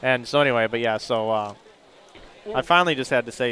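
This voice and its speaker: A man's voice: medium pitch, brisk, bright, forceful tone. A man doing live bowling play-by-play from a booth, chatty and prone to rambling anecdotes. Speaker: lead bowling commentator. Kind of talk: live sports commentary. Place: commentary booth at a bowling center.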